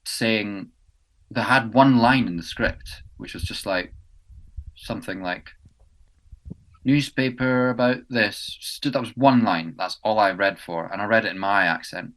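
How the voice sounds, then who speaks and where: Man, young, English, podcast chat, rambling, lowish pitch, bright tone. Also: normal speed. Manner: rambling, many ums and restarts. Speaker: podcast co-host and actor. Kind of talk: casual chat. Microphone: podcast mic indoors.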